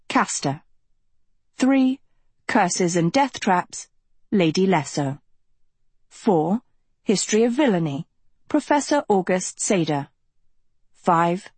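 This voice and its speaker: Female audiobook narrator, unhurried expressive delivery, dry close sound. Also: lowish voice, husky, no echo. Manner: measured, expressive storytelling. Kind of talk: scripted narration.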